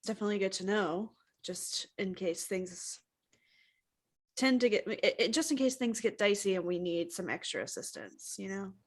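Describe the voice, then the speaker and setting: A woman's voice: mid-range voice, normal speed. A woman playing a tabletop role-playing game, chatty, hesitant and polite in character. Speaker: player. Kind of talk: casual tabletop role-play.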